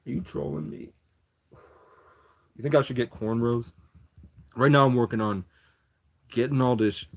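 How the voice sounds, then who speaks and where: A man's voice: mid-range voice, fairly even intonation, unhurried, creaky, highs cut off. A man livestreaming and chatting to his viewers, rambling and swearing as he talks. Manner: profane, rambling, answers chat.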